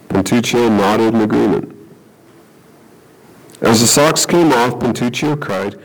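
A pastor with a husky, mid-range voice and lively intonation preaches at a moderate pace on a low-quality recording. He tells a story and then reads scripture conversationally, checking in with listeners by asking "okay?".

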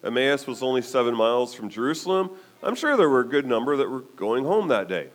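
A man preaching a sermon as a pastor, telling the story with animated delivery and often checking in with "okay?". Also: mid-range voice, a little fast.

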